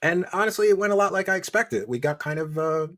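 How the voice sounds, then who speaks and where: A man's voice: high voice, expressive, fast, fairly bright tone. A man in casual stream chat, talking reflectively and hesitantly, with many restarts.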